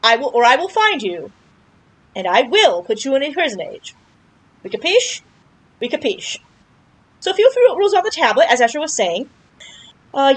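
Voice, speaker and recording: Over a low-quality recording, a woman with a high-pitched voice gives chatty, playful commentary as she plays a video game. She jokes around and exclaims whenever something surprises her.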